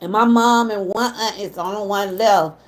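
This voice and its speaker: A woman's voice: mid-range voice, fairly even intonation, normal speed. A middle-aged woman with a Southern US accent, chatting casually with viewers on a livestream and getting emotional when she talks about her mother. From Georgia, US. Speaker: livestream host.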